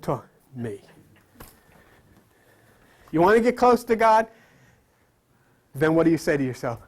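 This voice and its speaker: A man teaching a Bible lesson like a sermon, with emphatic, repetitive preaching that swings from loud to whispered, often quizzing his listeners. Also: on the high side, very animated, a little slow, pauses often.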